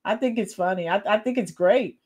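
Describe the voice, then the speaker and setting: A woman's voice: mid-range voice, a little fast, a little mellow, husky. A woman hosting a live-stream commentary, mocking the clips she plays and chatting with her viewers in a sarcastic, casual way.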